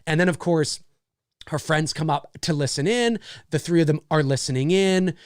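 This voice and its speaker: A man's voice: on the high side, moderate pace, clear, resonant tone, dry recording, clean studio sound. A man hosting a casual livestream, animatedly talking through film scenes he made. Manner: animated, acts out scenes as he explains.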